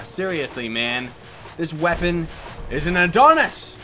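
A man doing let's play commentary, loud and excitable, often yelling at enemies. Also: a little high, a little slow, creaky, slight background noise.

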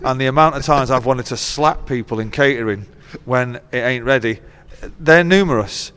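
Middle-aged guy, dry jokey storyteller, swears a lot, laughs mid-sentence, average-pitched voice, long echo tail on it like a big room. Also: moderate pace, fairly bright tone, smooth. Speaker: interview guest, musician. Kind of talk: casual chat. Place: venue dressing room. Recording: long hall reverb.

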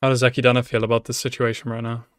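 A man's voice: mid-range voice, completely flat delivery, very fast, clear, resonant tone, dry recording, clean studio sound. A man giving emotional live reaction commentary on an anime, swearing freely and talking back to the screen. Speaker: anime reaction channel host.

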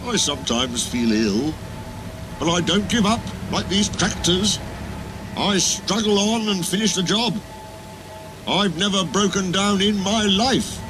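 A man's voice: on the high side, lively intonation, noisy background, voice pushed up. A man voicing an old male traction engine who is sad but proud, talking in a wistful, reminiscing way. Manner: wistful, slow-paced reminiscing. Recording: music playing behind.

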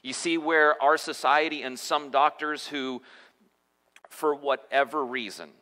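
A man's voice: fairly high pitch, measured pace, bright, forceful tone. Man preaching in an echoing church. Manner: conversational preaching with frequent restarts and repeated words. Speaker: pastor. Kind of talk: sermon. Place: church sanctuary. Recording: church hall reverb.

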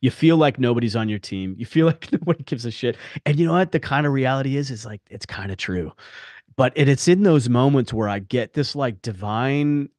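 A man hosting a candid podcast conversation, speaking with passionate conviction and blunt, unfiltered words. His voice sits at a middling pitch and sounds dry and close, with no room around it. He talks like a coach pushing his listeners. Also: expressive, fairly quick, darkish tone, no echo. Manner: passionate, blunt, swears freely. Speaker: podcast host and men's coach.

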